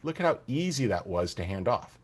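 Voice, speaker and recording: A man teaching photo-editing software in an enthusiastic, conversational tutorial, talking straight to the viewers. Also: medium pitch, big pitch swings, fairly quick, breathy edge. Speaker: software instructor. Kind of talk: screen-recorded software tutorial.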